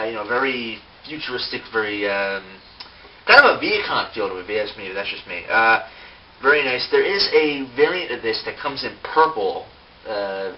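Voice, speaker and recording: A man giving a casual, unscripted toy review, rambling with lots of fillers and self-mocking asides. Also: fairly low pitch. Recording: distant mic, dull sound, faint hiss.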